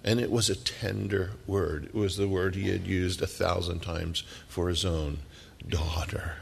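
A middle-aged man preaches with a low, gravelly voice that fills a large, echoing hall. He tells the story dramatically, building to loud emphasis and then sinking into quiet whispers. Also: steady tone, moderate pace, a little hiss or hum. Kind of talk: sermon.

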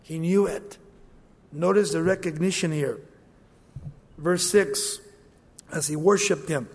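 Male preacher, high-pitched, dramatic delivery, reverberant hall. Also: slow pace, slightly rough. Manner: dramatic, acts out quoted voices. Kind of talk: sermon.

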